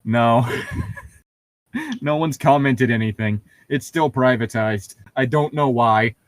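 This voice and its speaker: A man's voice: medium pitch, slow, dry recording. A young man co-hosting a casual podcast chat, rambling with lots of fillers and laughing often. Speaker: podcast co-host.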